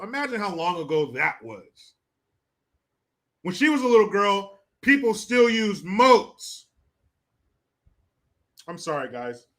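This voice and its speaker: A man's voice: sits high, sing-song, slow pace, pauses often, fairly bright tone. A man hosting casual commentary, crude and mocking, laughing often. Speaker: streamer host.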